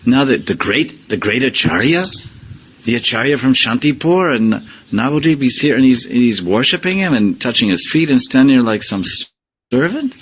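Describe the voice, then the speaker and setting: A man's voice: mid-range voice, animated, normal speed, highs cut off, a little hiss or hum, close to an everyday voice. A man voicing a young man who cannot believe how his elder friend is acting, asking in rising, incredulous questions.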